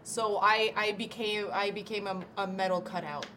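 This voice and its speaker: A woman playing in a tabletop game, talking in a halting, hesitant way. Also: medium pitch, steady tone, bright, forceful tone, slight background noise. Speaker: player. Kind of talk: tabletop role-play chat.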